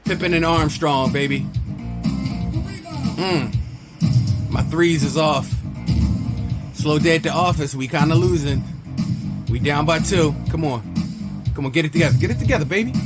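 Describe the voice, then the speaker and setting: A man's voice: fairly high pitch, fairly even intonation, unhurried, pauses often, over loud music. A man hosting his gaming channel, chatting casually in slang and cheering himself on while he plays. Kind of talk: casual gameplay commentary.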